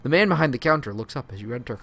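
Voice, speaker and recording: A man's voice: mid-range voice, lively intonation, very fast, fairly bright tone. A man streaming a game playthrough, reading the game's text aloud and adding sarcastic, profane asides.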